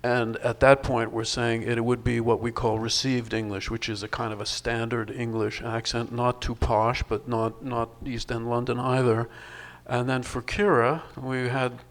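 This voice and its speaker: A man's voice: mid-range voice, little pitch movement, moderate pace, few pauses. An older male film director at a festival panel, answering in a thoughtful, wry way with many restarts.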